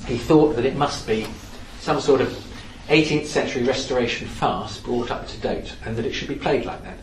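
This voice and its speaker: A man giving a lively, anecdotal talk in a lecture-style storytelling manner. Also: mid-range voice, moderate pace. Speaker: speaker on theatre history. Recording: echoey room from some distance, faint background noise.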